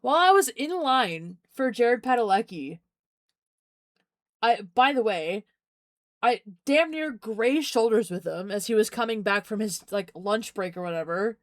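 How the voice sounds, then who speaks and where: Brief: young woman streamer, giggly and rambling, often repeats herself, light higher voice, dry close mic. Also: animated, a little slow, no echo. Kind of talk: casual chat.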